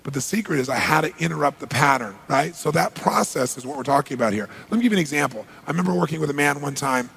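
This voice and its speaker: A motivational speaker tells stories energetically to a live audience, acting out the dialogue and throwing questions back at the crowd. His voice is gravelly and husky, slightly higher than most men's. It rings through a large seminar hall with a long reverb. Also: expressive, fast talker, few pauses, fairly bright tone.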